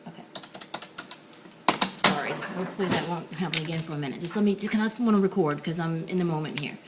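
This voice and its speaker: A woman talking softly and casually to camera in a home video blog, with frequent ums and pauses. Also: deep voice, heavy background noise. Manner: soft-spoken, many ums and pauses. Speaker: vlogger. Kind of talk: casual reflective talk to camera.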